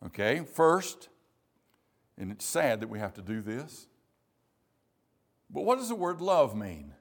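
A man preaching a sermon in a church, slowing down to stress key phrases. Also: medium pitch, very animated. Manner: measured, emphatic preaching with slow stressed phrases.

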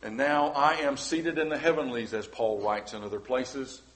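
A man preaches as pastor in a church sanctuary. His voice sits at an average pitch. He pleads earnestly, swelling into fervent cries and then falling back to quiet, face-to-face appeals. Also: fairly even intonation, moderate pace. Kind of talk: sermon.

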